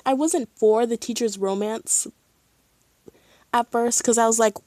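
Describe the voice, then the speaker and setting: A woman streaming live, chatting casually and excitedly as a fan, with lots of "like" and "um". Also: a little high, measured pace, long pauses, no room sound, studio quality. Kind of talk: casual chat.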